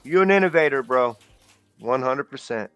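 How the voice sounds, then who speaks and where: A man's voice: medium pitch, lively intonation, moderate pace, fairly bright tone, clear, resonant tone, dry recording, faint music behind. A man co-hosting a casual livestream, talking loosely and rambling with slang and fillers.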